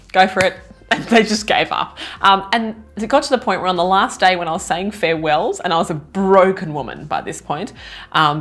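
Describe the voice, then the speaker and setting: A woman in her thirties, a business coach telling a story casually to camera in an animated, self-mocking way, laughing now and then. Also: lowish voice. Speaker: retreat organizer and business coach.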